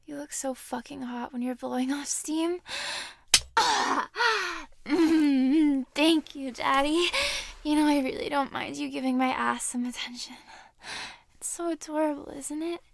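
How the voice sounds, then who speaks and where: A young woman in an intimate audio role-play, teasing and breathy, close to the microphone. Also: sits high, steady tone, moderate pace.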